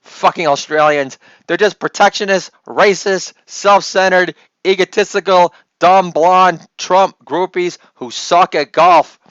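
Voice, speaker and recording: A man voicing a fuming, scornful personified nation in a slow, sneering rant. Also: sits high, fairly even intonation, a bit bright, no echo. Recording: dull lo-fi dry recording.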